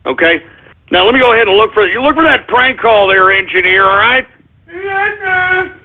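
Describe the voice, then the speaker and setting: A man hosting a political talk radio show, ranting angrily with profanity, shouting in bursts and calling his listeners folks. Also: high-pitched, brisk. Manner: addresses listeners as folks and gives orders to the engineer. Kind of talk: angry political call-in radio rant. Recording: tinny phone-like lo-fi audio.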